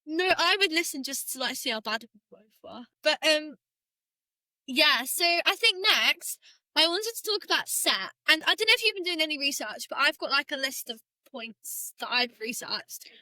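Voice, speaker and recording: Bright high girl on a podcast, chatty, says like a lot. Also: animated, moderate pace, dry recording. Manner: chatty, many "like" fillers, laughs often. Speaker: podcast co-host. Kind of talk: casual chat.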